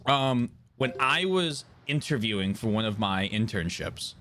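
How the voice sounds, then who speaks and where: On a live game stream, a man in his twenties chats casually, telling stories with lots of swearing and frequent laughter as an animated storyteller. His mid-range voice moves at an unhurried pace, with a little hiss or hum in the audio.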